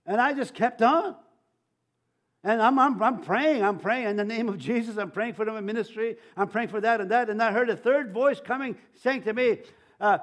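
An older man giving a sermon as pastor, telling his own story in a preaching style full of restarts and stammered repeats, rising louder on key phrases. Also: sits high, normal speed.

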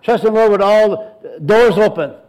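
A man's voice: high-pitched, normal speed, darkish tone, rough recording. A middle-aged male pastor preaching a sermon, emphatic and repetitive, building in intensity as he presses his points.

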